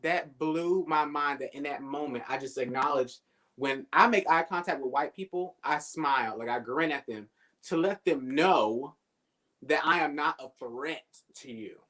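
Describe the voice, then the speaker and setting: A man's voice: a little high, measured pace, bright, forceful tone. A man talking as a guest on a casual live stream over a video call, reflective and conversational, swearing casually.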